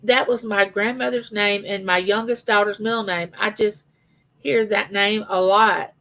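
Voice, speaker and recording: Chatty gravelly-voiced woman livestreaming. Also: medium pitch, fairly even intonation, a little slow, fairly bright tone, rough recording. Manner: chatty, rambling storyteller, greets viewers by name. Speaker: livestream host. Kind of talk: casual live chat with viewers.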